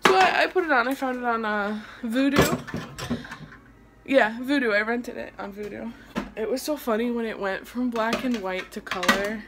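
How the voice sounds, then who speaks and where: Chatty young mom vlogging at home. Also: female voice, fairly high pitch, moderate pace, heavy background noise. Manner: chatty, talks to kids between remarks. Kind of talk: casual home vlog chat. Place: home, indoors.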